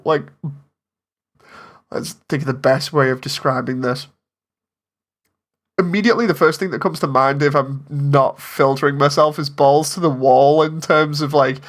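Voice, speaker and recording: A man's voice: on the high side, fairly bright tone. A man in casual commentary, chatting about voice takes as an animator and laughing often. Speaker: animator and streamer.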